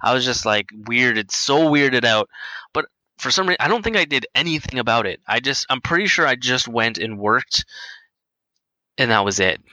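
Young man rambling through a story, bright tone. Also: medium pitch, animated, normal speed, no room sound, rough recording. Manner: rambling, lots of fillers and restarts. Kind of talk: casual storytelling.

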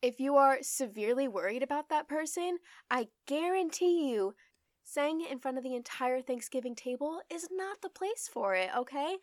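A woman's voice: a little high, dry recording, studio quality. Blunt young woman swearing for emphasis. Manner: repeats points for emphasis. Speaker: podcast host. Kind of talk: solo podcast monologue.

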